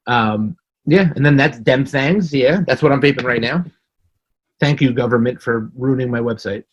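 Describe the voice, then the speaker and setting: Husky male podcast guest, animated, foul-mouthed storyteller. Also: medium pitch, normal speed, highs cut off. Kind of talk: casual chat.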